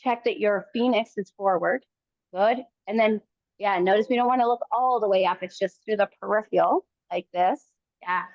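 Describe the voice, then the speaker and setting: Calm woman kettlebell coach. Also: mid-range voice, no room sound, highs cut off. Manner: calm encouraging cues, often pausing between short phrases. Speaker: fitness coach. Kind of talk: live coaching cues during a workout.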